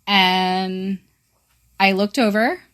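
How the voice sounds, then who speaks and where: Woman guest, casual story-telling, swears and laughs a lot, mid-pitched. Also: very slow, smooth. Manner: relaxed, laughs and swears while telling stories. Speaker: podcast guest.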